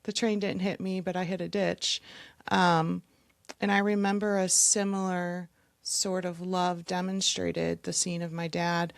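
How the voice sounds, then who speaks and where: A woman's voice: lowish voice, level tone, a little slow, gravelly, no echo, studio quality. A woman hosting a podcast, chatting candidly with her guest and laughing along. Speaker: podcast host. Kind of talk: casual interview chat.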